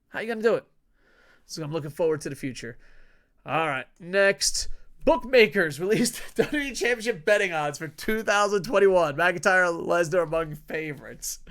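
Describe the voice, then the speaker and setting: A young man hosts a combat sports news show and reacts to headlines in loose commentary. He swears freely, rants with a lot of energy and breaks into laughs. His voice sits a little high for a man. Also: expressive, a little fast, fairly bright tone. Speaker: wrestling news host. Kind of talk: casual commentary reading headlines.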